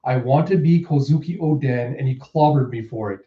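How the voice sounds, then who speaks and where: A man's voice: medium pitch, brisk, reverberant, far from the mic, muffled recording, lightly acted. A man voicing an earnest, proud young male warrior while reading a comic aloud, close to his own voice.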